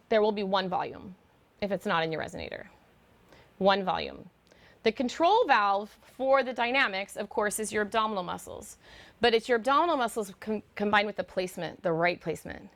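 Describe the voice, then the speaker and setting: A middle-aged woman vocal coach, her voice medium in pitch and fairly bright, gives an online singing lesson. She's chatty, uses fillers as she explains, and demonstrates as she goes.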